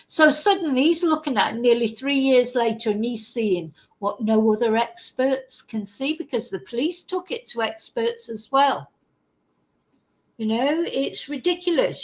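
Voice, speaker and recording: A woman's voice: a little high, expressive, unhurried. A woman hosting a commentary vlog, scornful and exasperated, reading out a news article and picking it apart with sarcasm. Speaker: commentary channel host.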